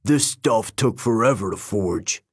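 Gruff teenage smith, read by a man, low and dry, grumbles more than he talks. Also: lively intonation, measured pace, dry recording, heavily acted. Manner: gruff, grumbling, often whispered. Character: gruff teenage boy, a grumbling camp blacksmith.

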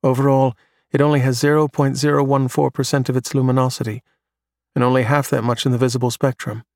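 A man voicing a bright young male pupil who recites facts eagerly. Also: mid-range voice, flat delivery, fast talker, no room sound, clean studio sound, lightly acted. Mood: earnest.

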